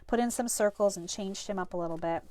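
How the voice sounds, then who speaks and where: A woman's voice: mid-range voice, fast talker, mellow. A middle-aged woman teaching a live card-making class, chatty and upbeat while getting over a cold and a bit sniffly. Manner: chatty, upbeat, self-deprecating. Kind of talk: live-stream craft class.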